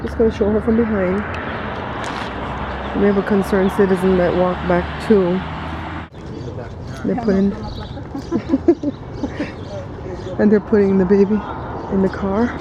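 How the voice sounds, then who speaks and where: A woman's voice: mid-range voice, slow pace, pauses often, highs cut off, noisy background. A woman in her forties, chatting straight to her viewers as she films a vlog on a phone. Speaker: vlogger. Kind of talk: casual vlog narration.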